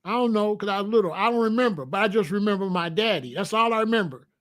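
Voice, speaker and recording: A man's voice: high voice, animated, fast talker, a bit bright. A man hosting his own channel, giving emphatic, repetitive advice about family and discipline in a casual monologue. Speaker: host.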